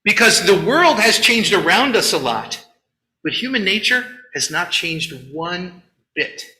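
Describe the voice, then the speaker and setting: A man, a rabbi, giving a sermon at a Shabbat service. He tells the story in a chatty, animated way and acts out the quotes. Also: sits high, measured pace. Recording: echoey room.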